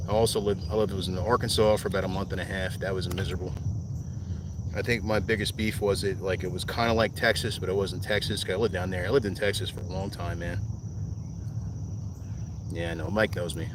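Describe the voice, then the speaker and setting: Man from New Jersey, low-pitched, easygoing fishing streamer on a kayak; outdoor insect noise in the background. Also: recorded from a distance. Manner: laid-back, rambling, talks to viewers while fishing. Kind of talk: casual live-stream chat.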